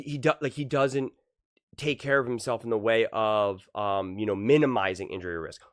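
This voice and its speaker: A man hosting a sports talk show, reacting to clips in a heated, animated rant that keeps repeating itself and climbs high when he gets indignant. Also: no room sound, studio quality. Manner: heated, talks fast, repeats himself, rises to shouting pitch when indignant.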